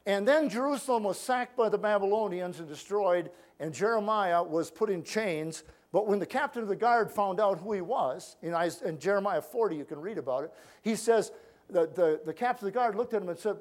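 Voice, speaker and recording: High-voiced preacher telling stories. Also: male voice, brisk. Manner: storytelling preacher, acts out quoted voices, drops to quiet asides. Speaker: pastor. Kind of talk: sermon.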